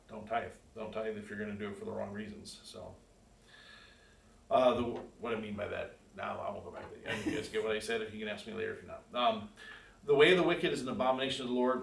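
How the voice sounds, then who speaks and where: A man's voice: fairly low pitch, gravelly. A man teaching a church Bible class in a casual, conversational way, asking the class questions and reading verses aloud with emphasis. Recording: echoey room, far from the mic, faint hiss.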